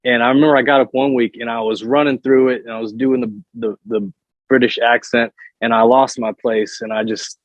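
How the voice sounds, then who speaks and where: A man's voice: medium pitch, steady tone, fairly quick, no room sound, dull audio. A man guest telling wrestling stories in casual chat, often stumbling and repeating words as he starts a sentence. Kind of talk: casual storytelling on a podcast.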